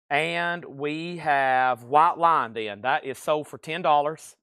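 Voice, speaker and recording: A man running a livestreamed record sale, calling out bids and prices in brisk auctioneer-style bursts. His voice is mid-pitched and the sound is dry and close, though he drifts away from the mic as he moves around the shop. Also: lively intonation, bright, forceful tone, clean tone, no echo. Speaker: live sale host. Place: record store.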